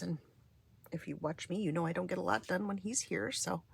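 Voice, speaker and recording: A middle-aged woman with a weak, craggy voice, chatting casually and softly, often half-whispering, as she flips through a craft journal at home. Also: fairly low pitch, a little fast, creaky, husky. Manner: relaxed and meandering, with many fillers and restarts. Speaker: craft vlogger. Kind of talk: casual chat during a journal flip-through.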